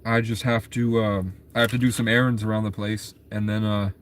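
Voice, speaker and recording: A man's voice: fairly low pitch, flat delivery, fairly quick, a little hiss or hum. A man casually retelling a story in a rambling, loose way, full of fillers and restarts.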